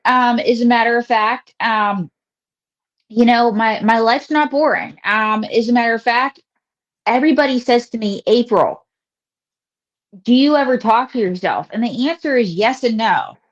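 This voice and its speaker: A woman's voice: fairly high pitch, normal speed. A woman comedian from Western Pennsylvania with its accent, telling rambling stories in a casual interview, full of fillers and asides. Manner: chatty storyteller, rambling with many fillers and asides. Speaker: comedian guest. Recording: slightly dull lo-fi audio.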